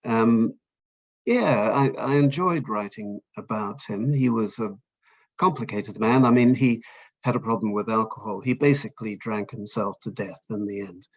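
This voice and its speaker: An older man from Fiji, an author talking in an interview, hesitant and self-deprecating with many pauses and restarts. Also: fairly low pitch, lo-fi sound. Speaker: author guest. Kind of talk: conversational interview.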